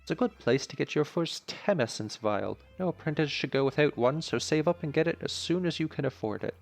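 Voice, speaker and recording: A gracious British-accented woman dojo master with a formal, well-mannered way of speaking, as a man raises his voice to put her on. The lifted pitch sits above his own low, gravelly voice, and faint game music plays underneath. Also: animated, brisk.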